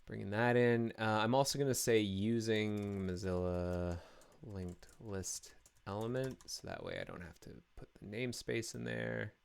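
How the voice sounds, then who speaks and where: A man's voice: on the low side, expressive, unhurried, gravelly, clear, resonant tone. A man live-streaming his coding work, talking through each step casually with many fillers and restarts.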